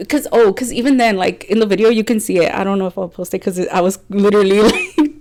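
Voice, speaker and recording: A woman's voice: mid-range voice, quick pace, hardly any pauses, darkish tone, a little hiss or hum. A young woman co-hosting a faith podcast, chatting casually with a rambling flow, frequent laughs and lots of "like" fillers. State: teary at moments. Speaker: podcast co-host. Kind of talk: casual chat.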